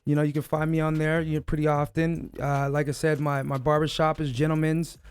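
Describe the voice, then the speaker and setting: A man's voice: on the high side, flat delivery, brisk, clean tone, no echo. A man who owns a gym and barbershop, a guest on a radio show, chatting in a laid-back way with lots of fillers. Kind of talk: casual radio chat. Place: radio studio. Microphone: studio mic.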